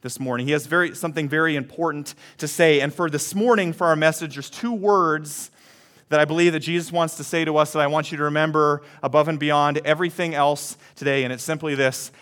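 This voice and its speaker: Lively conversational man preaching. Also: on the high side, fairly quick. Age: 30s. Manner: lively, conversational, calls for congregation responses. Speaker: pastor. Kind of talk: sermon with a personal story.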